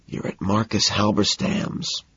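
A man voicing a cool, calculating wealthy young man who speaks calmly and tersely, at times in a whisper, in a slightly muffled recording. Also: medium pitch, measured pace, breathy edge, dry recording, voice pushed up. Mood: calm, guarded. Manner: calm, clipped, sometimes whispered.

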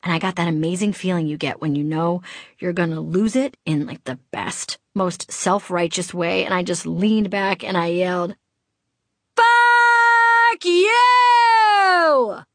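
A woman's voice: lowish voice, steady tone, normal speed, dry recording. Brief: middle-aged woman from Boston, audiobook memoir, wry and candid, dry close-miked sound. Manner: wry, candid, comic timing. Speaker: author narrating her memoir.

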